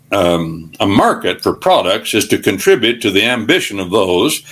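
Older male radio guest, low voice, folksy preacher-style storyteller who rambles. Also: a bit bright.

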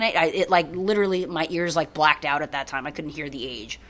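A woman's voice: deep voice, a little fast, few pauses. A woman co-hosting a podcast, rambling through a story in casual chat and swearing freely. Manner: profane, rambling, animated. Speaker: podcast co-host.

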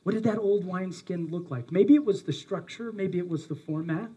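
A man's voice: high voice, brisk, warm tone, husky. A male pastor preaching a sermon, earnest and emphatic, speaking directly to his congregation.

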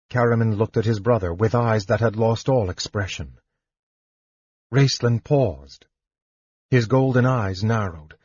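A man narrates an audiobook slowly in a husky, low-pitched voice, measured and dramatic. The recording is dull, lo-fi and dry, with no room sound. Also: darkish tone, no echo. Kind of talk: scripted narration.

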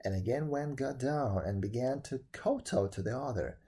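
A man reading a folk tale aloud in a measured, even narrating voice. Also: mid-range voice, breathy edge. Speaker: storyteller. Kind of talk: storybook read-aloud.

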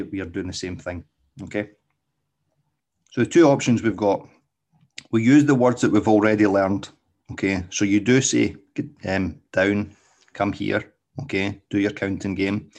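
Male podcast host and dog trainer, low voice, casual, stumbles and restarts, ends points with "okay?". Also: creaky. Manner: tags nearly every point with "okay?". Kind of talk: casual explanatory podcast talk.

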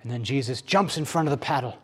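A man's voice: medium pitch, fast talker, breathy edge. Male preacher for a sermon read: emphatic, repeats lines, mid-range voice. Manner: emphatic, repeats phrases, swings between loud and hushed.

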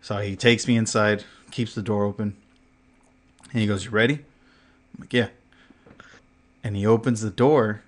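A man on a podcast spins a long anecdote in loose, casual chat. His voice sits a bit low, and he leans on fillers, swears freely and laughs often. He acts out the lines of the people in the story. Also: fairly bright tone. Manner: filler-heavy, acts out what others said. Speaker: podcast co-host.

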